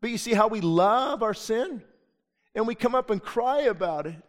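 Preaching with fervor at a normal speed, a middle-aged pastor uses lively intonation and a voice that sits slightly high for a man. He performs the voices of those he quotes. The sound carries the long echo of a large church sanctuary.

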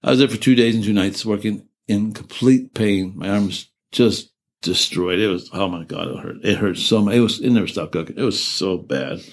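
A man's voice: lowish voice, normal speed. An older man, a veteran, telling war stories in an oral history interview, rambling and profane, trailing off into restarts and laughing through grim memories.

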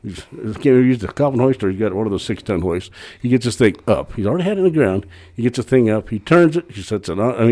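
A middle-aged man, a podcast guest, telling a long rambling story in a casual, animated way with frequent restarts. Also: medium pitch.

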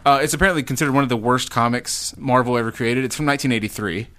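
A man's voice: medium pitch, very fast, bright, forceful tone. A man hosting a casual comedy podcast quiz, teasing his co-hosts as he reads out the answer options.

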